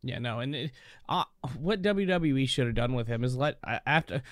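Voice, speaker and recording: A man's voice: medium pitch, lively intonation, moderate pace, dry recording. A man with a mid-range voice chats casually and gives firm opinions. He often restarts his sentences as he goes. The sound is close and dry. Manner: opinionated, stumbles over restarts. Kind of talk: casual chat.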